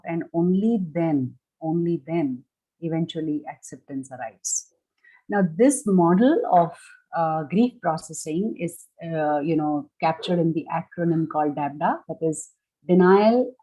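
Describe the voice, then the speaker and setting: A woman speaks in a lowish, mellow voice as she leads a reflective workshop talk. She is gentle and measured and works through each idea step by step. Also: poor audio. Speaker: workshop speaker on grief and loss.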